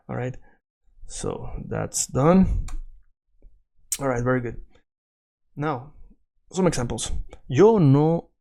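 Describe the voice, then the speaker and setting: Brief: male language teacher, warm low-key tone, casual, talks students through points. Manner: chatty, self-correcting, repeats points to students. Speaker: Spanish teacher. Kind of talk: casual explanatory lesson.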